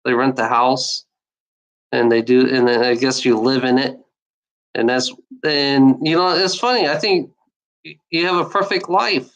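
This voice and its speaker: A woman's voice: rumbling low, unhurried, long pauses, poor audio. A woman in a casual rambling monologue, swearing freely and often breaking into laughter.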